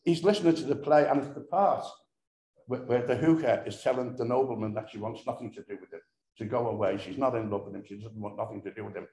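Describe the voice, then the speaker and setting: A man's voice: medium pitch, quick pace, warm tone. An older man telling humorous, earthy stories at a commemoration event, often repeating himself and restarting phrases. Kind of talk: anecdotal storytelling. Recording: echoey room.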